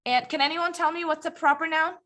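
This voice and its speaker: Speaking quickly in a high, pushed, bright voice, a woman teaches English grammar in a live classroom lecture that's streamed online. As a patient, encouraging ESL teacher, she frequently checks understanding by asking the class questions.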